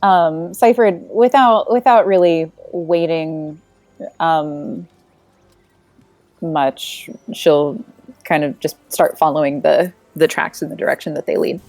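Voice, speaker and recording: Slow-talking woman at a tabletop game. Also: low voice, darkish tone, dry recording. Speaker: player. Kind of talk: casual tabletop game talk.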